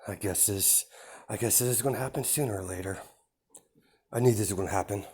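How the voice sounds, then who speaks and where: A man voicing a calm young werewolf alpha who threatens quietly. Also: lowish voice, fairly quick, husky. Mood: cool. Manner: cool and threatening.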